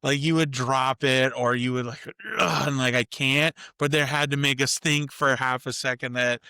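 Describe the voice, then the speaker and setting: A man's voice: mid-range voice, flat delivery, moderate pace, pushed and bright, smooth, dry recording, studio quality. A man co-hosting a casual movie review podcast, giving blunt opinions and backing up his co-host. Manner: opinionated, frequent affirming interjections.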